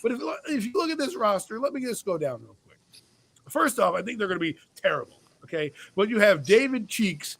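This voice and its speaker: A man's voice: high voice, big pitch swings, a little fast, creaky, a bit bright. A man hosting a casual sports podcast, opinionated and blunt, swearing freely as he gives his predictions. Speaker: podcast host.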